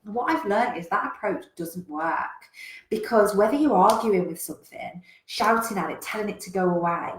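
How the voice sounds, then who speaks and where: A woman business coach, giving a frank, animated motivational talk to a live chat and swearing freely. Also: mid-range voice. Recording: roomy echo.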